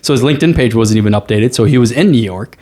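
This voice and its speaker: A man's voice: medium pitch, fast. A man, a commercial real estate agent, telling stories as a guest in a casual interview, often tagging "right?" on his points. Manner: animated storyteller, repeats "right?".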